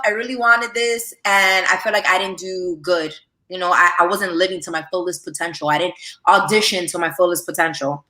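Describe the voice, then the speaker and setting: A woman telling a personal story in a casual, animated way, full of "like" and "you know". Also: lowish voice, moderate pace, echoey room. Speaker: podcast guest.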